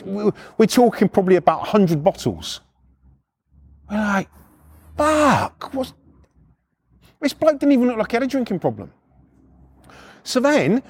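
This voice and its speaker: A man's voice: fairly high pitch, a little mellow, husky. A middle-aged man telling blunt, swearing stories from his repo work in a casual podcast style, acting out the people in them. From United Kingdom. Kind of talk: casual storytelling.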